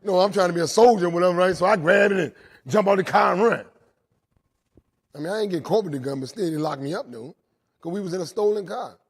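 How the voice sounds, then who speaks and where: A man's voice: high voice, fast, slightly rough. A middle-aged man giving an earnest recovery testimony to inmates at a jail, tagging almost every sentence with "right?" and repeating his phrases as he tells his story. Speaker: recovery speaker. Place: speaking live to inmates inside a jail.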